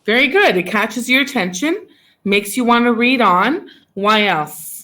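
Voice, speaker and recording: A woman's voice: fairly high pitch, animated, a little slow, sharp tone. A woman teacher leading a class discussion on poetry, asking questions, praising answers and repeating them back to the students.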